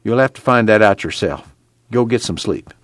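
A man voicing a calm camp watchman who explains things in a matter-of-fact way. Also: fairly low pitch, moderate pace, no room sound, studio quality.

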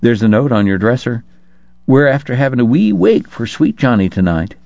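A man's voice: medium pitch, big pitch swings, moderate pace, creaky, darkish tone, no room sound. A man voicing a wry innkeeper with a dry way of talking. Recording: dull lo-fi dry recording.

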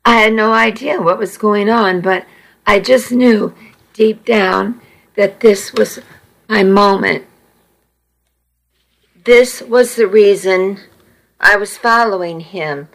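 A woman narrating a first-person audiobook in a measured, intimate storytelling manner. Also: mid-range voice, vocal fry, a bit bright, low-quality recording.

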